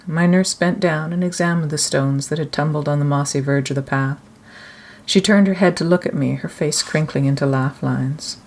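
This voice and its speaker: Low-voiced woman reading her novel. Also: steady tone, brisk. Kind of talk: first-person novel reading.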